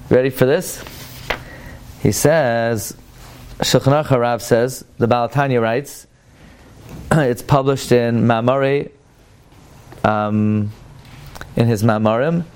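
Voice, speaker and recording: Animated rabbi teaching a Torah class. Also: male voice. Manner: animated, with sudden jumps in pitch for emphasis; mixes Hebrew and Aramaic quotations into English explanation. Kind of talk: Torah study lesson.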